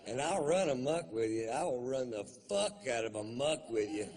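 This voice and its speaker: A male stand-up comedian telling stories in a dry, deadpan way with crude punchlines. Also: mid-range voice, normal speed, background noise.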